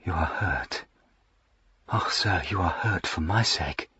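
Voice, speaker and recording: A man voicing an anxious young noblewoman with a husky, tremulous voice in an audiobook reading. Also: sits low, slow, bright, forceful tone, no room sound, lo-fi sound, heavily acted.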